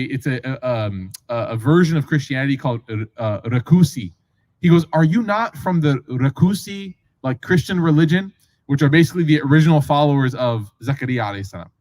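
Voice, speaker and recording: Animated storytelling preacher, man. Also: on the high side, no room sound, rough recording. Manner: animated storyteller, acts out quoted voices, frequent asides. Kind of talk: casual storytelling lecture.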